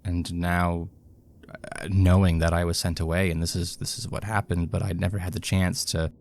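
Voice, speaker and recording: A man's voice: deep voice, flat delivery, normal speed, gravelly, a little mellow. A man voicing a sombre, guilt-ridden young man who confesses hesitantly. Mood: heavy, sombre.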